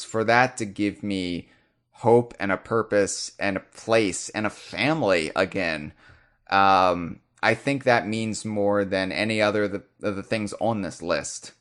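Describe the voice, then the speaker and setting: A man's voice: lowish voice, a bit bright, clean tone. A man in his thirties hosting a podcast, speaking in a heartfelt, reflective way and often stopping to restart his sentences. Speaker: podcast host. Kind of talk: casual podcast chat.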